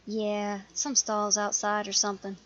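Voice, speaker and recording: A woman's voice: mid-range voice, completely flat delivery, a little slow, highs cut off, natural voice. A woman doing a blunt, paranoid teenage boy. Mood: curt. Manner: blunt, dismissive, conspiratorial. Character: paranoid, brusque teenage boy, suspicious loner.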